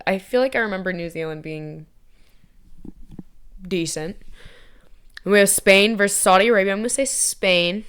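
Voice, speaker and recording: A woman's voice: medium pitch, clean tone. A young American woman vlogging in a playful, self-mocking, chatty way. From United States. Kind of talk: casual chat.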